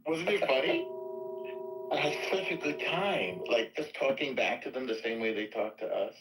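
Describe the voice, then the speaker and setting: A man's voice: mid-range voice, expressive, moderate pace, fairly bright tone, slight background noise, poor audio. A man hosting a casual online audio chat room, joking and teasing in a loose way.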